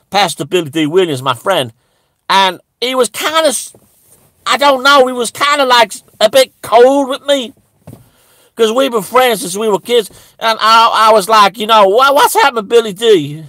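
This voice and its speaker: A man's voice: high-pitched, bright, forceful tone, dry recording, full character voice. A man playing a rambling, bigoted churchgoing man in a satirical monologue, stammering and restarting almost every phrase. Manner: stammering, with constant restarts and repeated words.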